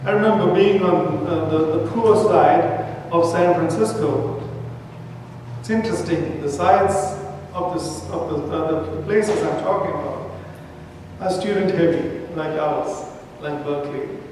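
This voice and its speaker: A man's voice: on the high side, unhurried, a little mellow, slight background noise. Man preaching in an echoey church. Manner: storytelling, acts out street voices in quotes. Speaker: pastor. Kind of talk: sermon. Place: large church sanctuary. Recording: echoey church hall, mic from far off.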